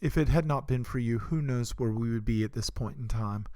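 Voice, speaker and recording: A man's voice: mid-range voice, fairly quick, darkish tone, no room sound, studio quality, natural voice. A man playing an effusive, grateful mother. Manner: effusive, stumbling thanks. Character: grateful human mother traveling with children.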